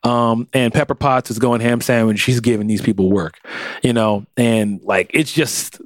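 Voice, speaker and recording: A man's voice: medium pitch, moderate pace, dry recording, clean studio sound. A man co-hosting a podcast, casually recapping a comic book and playfully acting out the characters' lines. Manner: animated retelling, slips into characters' lines. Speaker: podcast co-host.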